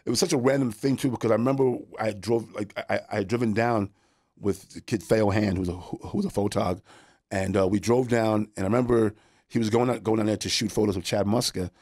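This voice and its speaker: A man's voice: fairly low pitch, a little fast, no echo, clean studio sound. A middle-aged man from New York, telling stories in a casual chat, swearing freely and acting out the voices of the people in them. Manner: animated, swears freely, acts out voices in anecdotes. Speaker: guest, skateboarder.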